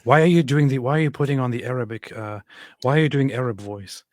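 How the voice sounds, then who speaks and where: A man's voice: medium pitch, fast talker, no room sound, clean studio sound. A man co-hosting a casual reaction stream, talking in exasperated, mocking complaints. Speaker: stream co-host.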